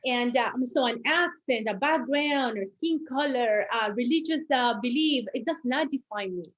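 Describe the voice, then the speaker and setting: A woman hosts a podcast conversation, her voice pitched a little high, heard over dull, muffled lo-fi audio. She talks thoughtfully and pauses to search for her words before she finds her point. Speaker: podcast host. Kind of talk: conversational interview.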